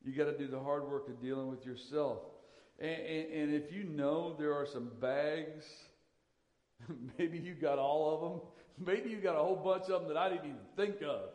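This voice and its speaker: A man delivers a sermon in a fairly high voice, pressing his points and repeating key lines for emphasis. His voice rings through a hall with a long reverb tail. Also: normal speed, a little mellow. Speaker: pastor.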